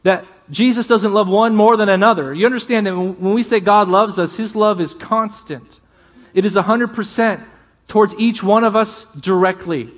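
A pastor preaching a sermon, earnest and emphatic, often dropping to a hush. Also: male voice, high voice, normal speed.

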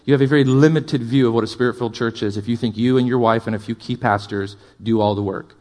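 A male pastor preaching a sermon, impassioned, with loud emphatic build-ups, quieter asides and jokes for the congregation. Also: medium pitch, fairly even intonation, quick pace.

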